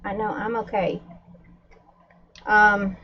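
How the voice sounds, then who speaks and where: A woman's voice: medium pitch, takes it slowly, lo-fi sound. A woman livestreaming to her viewers in casual chat, a little out of breath and upset. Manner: upset, talking to viewers while calming pets.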